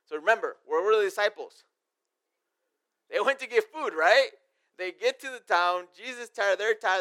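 A man giving a relaxed, conversational sermon, reading verses aloud and then unpacking them in plain talk. His voice is smooth and clear, sitting a little higher than most men's. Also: fast talker. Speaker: pastor. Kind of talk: casual sermon with scripture reading.

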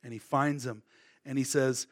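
A man's voice: mid-range voice, steady tone, normal speed. A middle-aged man preaching, telling his testimony in a casual, rambling way full of fillers and restarts. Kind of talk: sermon with personal testimony.

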